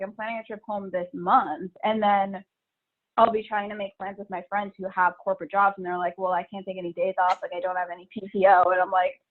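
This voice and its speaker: Woman podcast guest, candid and laughing, mid-pitched, sounds like a tinny phone line. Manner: candid, swears casually, laughs often. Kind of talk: casual podcast chat.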